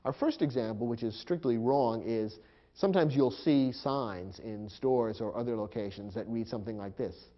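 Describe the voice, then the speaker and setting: A man's voice: medium pitch, moderate pace, lo-fi sound. A man teaching a grammar lesson, explaining punctuation rules step by step and spelling out marks aloud. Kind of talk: recorded lecture.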